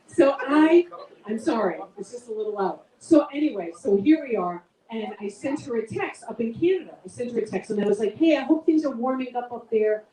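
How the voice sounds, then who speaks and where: This stand-up set, performed for a live crowd in an event room, features a middle-aged woman who is chatty and pokes fun at herself. Her voice is expressive, a little fast and dark-toned with big pitch shifts, picked up far from the mic in an echoey space.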